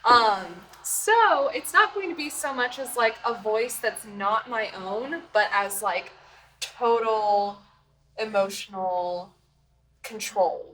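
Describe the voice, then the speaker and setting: A woman's voice: fairly high pitch, expressive, slow, a bit bright, poor audio. A woman who plays tabletop games, chatting casually and filling her talk with "like". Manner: chatty, lots of "like" fillers. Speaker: tabletop game player. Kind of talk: casual chat.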